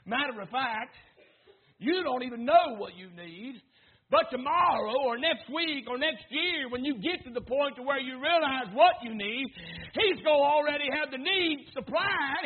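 A man preaching a sermon with fervent, rhythmic repetition, swinging between hushed lines and shouts. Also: extremely high pitch, narrow, tinny audio. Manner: rhythmic repetition, asks congregation to repeat.

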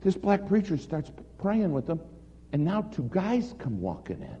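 Dramatic preacher telling a story in a hall. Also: male voice, sits high, wildly swooping pitch, a little slow, warm tone. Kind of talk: storytelling sermon. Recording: echoey hall, dull lo-fi sound with faint noise.

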